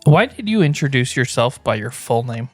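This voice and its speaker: A man's voice: medium pitch, very animated, moderate pace, faint music behind. A man co-hosting a podcast with his brothers, chatting in a casual, matter-of-fact way. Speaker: podcast co-host. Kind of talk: casual chat.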